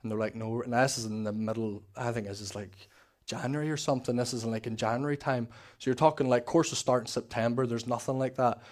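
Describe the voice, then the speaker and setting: Young Northern Irish man, church testimony, candid storyteller, steady monotone delivery. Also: mid-range voice, fairly quick. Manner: candid storytelling, acting out quoted dialogue. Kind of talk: personal testimony.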